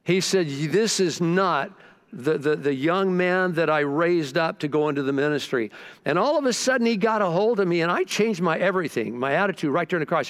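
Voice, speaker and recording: A man's voice: fairly high pitch, animated, brisk, fairly bright tone. A man preaching a sermon, telling stories with repeated restarts and rising into bursts of fervor. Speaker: pastor.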